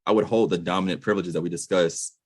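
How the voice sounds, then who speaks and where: A man's voice: low-pitched, fairly even intonation, fast talker, darkish tone, no echo. A man in his late twenties from the United States hosting a podcast interview, earnest and emphatic, casual with slang. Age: late 20s. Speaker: podcast host.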